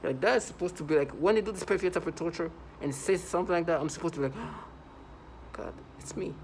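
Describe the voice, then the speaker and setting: A man's voice: on the high side, very fast, a little hiss or hum, rough recording. A man recording a first-person video monologue, talking urgently and repeating himself, with lots of "like" between his points. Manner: urgent, repetitive, heavy use of "like". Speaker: vlogger.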